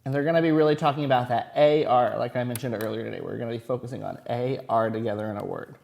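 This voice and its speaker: A man's voice: mid-range voice, fast, creaky, a little mellow, lo-fi sound. A young man, a first grade teacher, talking casually to young children at home. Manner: friendly, telling knock-knock jokes.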